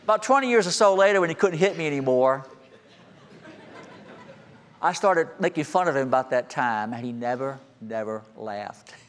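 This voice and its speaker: A man in his sixties, a senior pastor, preaching a sermon and telling a childhood story, moving between quiet asides and raised, emphatic calls. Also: mid-range voice, animated, moderate pace, pauses often. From American. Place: church sanctuary. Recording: long hall reverb.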